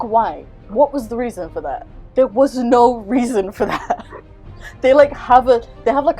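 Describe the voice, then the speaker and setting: A woman's voice: mid-range voice, a little mellow, poor audio. A young woman hosting a casual chat, ranting in an exasperated, sarcastic way and swearing freely. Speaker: host.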